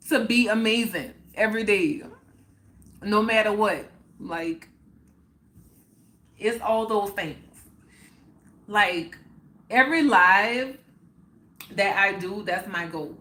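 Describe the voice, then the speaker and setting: Slow, reflective woman live streaming. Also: mid-range voice, a bit bright, a little hiss or hum. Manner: reflective, unhurried, peppered with "like" and "oh my goodness"; emotional, reacting to viewers' comments. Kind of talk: casual live stream chat.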